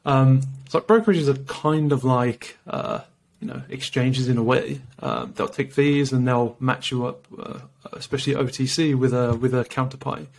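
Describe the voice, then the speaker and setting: A man with a British accent explaining trading in a measured, casual way, with many fillers. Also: mid-range voice, fairly even intonation, vocal fry. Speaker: podcast guest explaining trading.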